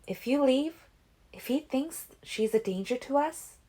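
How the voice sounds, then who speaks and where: A woman's voice: a little high, animated, measured pace, a little mellow, voice pushed up. A woman reading a fan-made audiobook, voicing an insistent teen girl vampire seer in a raised, lilting voice. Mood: urgent.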